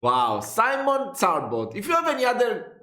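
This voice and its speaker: A man's voice: high-pitched, huge pitch swings, moderate pace, bright, forceful tone, roomy sound. A man hosting a casual reaction video, laughing and stumbling over his words.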